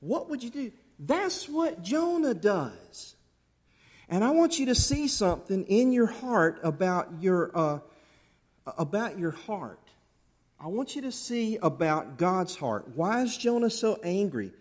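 A man preaching a sermon to his church, animated, acting out angry outbursts along the way. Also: sits high, unhurried. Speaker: pastor. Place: church sanctuary.

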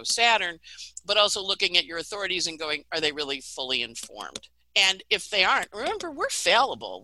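A chatty middle-aged woman talking through the week's astrology with lively animation and the odd laugh. Her voice is very bright and tense, recorded close and dry with no room sound. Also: fairly low pitch, no echo, rough recording. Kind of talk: casual astrology forecast chat.

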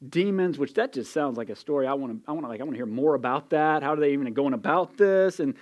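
A man's voice: on the high side, expressive, fast talker, darkish tone. Emphatic conversational male preacher. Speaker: pastor. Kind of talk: expository sermon.

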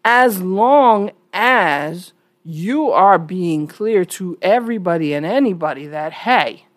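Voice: medium pitch, expressive, slow pace, no echo. A vlogger giving casual commentary, opinionated but hedging, often restarting sentences.

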